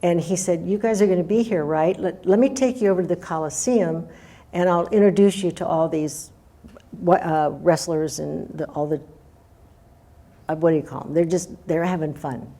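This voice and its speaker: An older woman tells a story in a loose, chatty way, circling back and restarting her sentences. Her voice sits a little low and sounds mellow and soft-edged. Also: normal speed. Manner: meandering, with restarts and acted-out quotes. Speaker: guest storyteller. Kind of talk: casual spoken storytelling.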